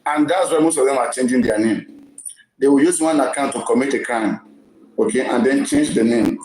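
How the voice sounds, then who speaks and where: A Nigerian man runs a casual live stream, talking emphatically and circling back over his own words. His voice is dark and mellow. It sits in a roomy space with a faint hum of noise behind him. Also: medium pitch, brisk. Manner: emphatic, repeats words often. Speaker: live-stream gossip host.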